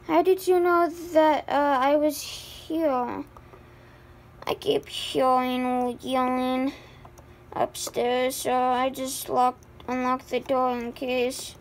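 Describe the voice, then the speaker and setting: A woman improvising voices for a homemade movie, halting and stammering with many fillers and sighs. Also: high voice, steady tone, slight background noise. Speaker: voice actor for a homemade life-sim movie. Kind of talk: improvised amateur voice acting.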